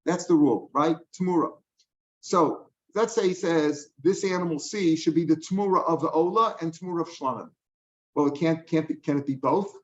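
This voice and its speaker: Older male Talmud teacher, slightly high voice, conversational, checks in often, dull lo-fi sound. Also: fairly quick. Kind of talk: explaining a Talmud page line by line. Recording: dull lo-fi recording.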